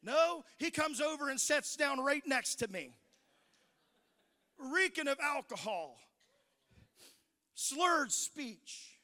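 A middle-aged man preaching a sermon, telling stories that build into shouted preaching. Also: very high voice, lively intonation, takes it slowly, long pauses, long reverb tail. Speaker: pastor.

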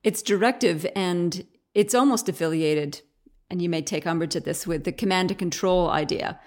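Woman podcast host, slightly low voice, curious and chatty interviewer. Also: normal speed, darkish tone. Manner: curious, chatty, thinking aloud.

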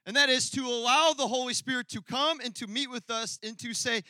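Man, pastor, sermon, high voice, animated storytelling, dry sound. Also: fairly quick, hardly any pauses, smooth, no room sound. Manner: animated storytelling with laughs and crowd asides. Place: church hall before a congregation.

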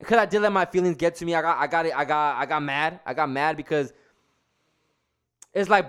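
A man's voice: a little high, a little fast, pauses often, a bit bright, clear, resonant tone. A young man ranting heatedly in a casual monologue, swearing often and restarting his sentences. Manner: heated, profane, repetitive restarts. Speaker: vlogger.

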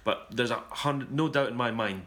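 A man hosting a rugby discussion, talking in a measured, thoughtful way and sometimes correcting himself mid-sentence. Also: mid-range voice, a bit bright. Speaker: rugby podcast host. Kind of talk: casual sports discussion. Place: touring abroad covering a series.

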